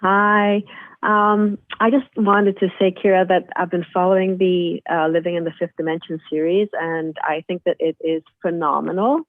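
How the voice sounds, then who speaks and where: A woman from Canada calls in to a radio show and speaks hesitantly, with pauses and repeated words. Her slightly low voice comes through a tinny, dry phone line. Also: steady tone, no echo. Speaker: caller. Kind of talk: call-in question.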